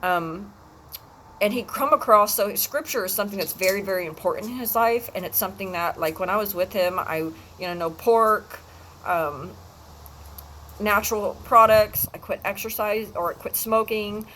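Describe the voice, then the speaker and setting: A woman vlogging alone, telling a personal story in a halting way with many pauses and restarts. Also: medium pitch, bright, forceful tone, slight background noise, rough recording. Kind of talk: emotional personal vlog.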